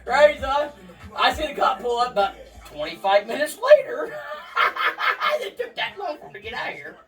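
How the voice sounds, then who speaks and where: Lively laughing, swearing man. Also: very high-pitched, normal speed. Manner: profane, laughs through his stories. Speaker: interviewee. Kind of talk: casual storytelling. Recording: distant mic with faint music.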